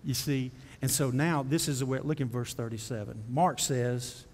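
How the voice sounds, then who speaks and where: A man preaching a sermon as pastor, folksy and direct with the congregation, building to impassioned high preaching. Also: normal speed, darkish tone, in a large hall, a little hiss or hum. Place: church sanctuary.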